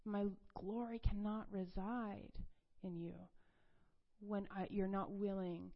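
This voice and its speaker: A woman's voice: mid-range voice, little pitch movement, takes it slowly, lo-fi sound. A woman giving a conversational sermon, telling a personal testimony in a chatty storytelling way and laughing often.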